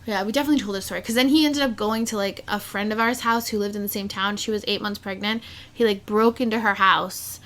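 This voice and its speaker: A woman's voice: medium pitch, fast. A young woman co-hosting a podcast, telling a story in casual chat with lots of "like". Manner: animated, says "like" constantly. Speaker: podcast co-host.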